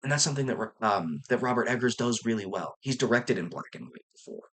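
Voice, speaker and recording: A man's voice: medium pitch, expressive, fast talker, a bit bright, husky. A young man talking casually and enthusiastically about a film, rambling with fillers and restarts and casual swearing. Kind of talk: casual movie review vlog.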